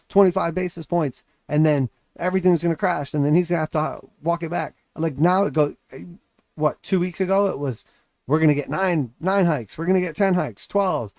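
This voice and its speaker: A man's voice: a little high, a little mellow, dry recording, clean studio sound. A man giving casual, blunt live market commentary as host, sarcastic, often acting out mocking voices.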